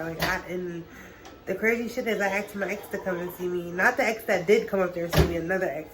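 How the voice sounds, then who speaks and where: A woman's voice: on the low side, fairly quick, noisy background. Young woman swearing through a storytime vlog. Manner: casual, profane, talks to viewers as y'all. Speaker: vlogger.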